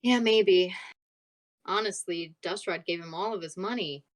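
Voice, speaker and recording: A woman's voice: fairly low pitch, a little slow, poor audio. A woman chatting in character during a tabletop game, giggling often and trailing off mid-sentence. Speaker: tabletop player. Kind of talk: casual in-character tabletop chat.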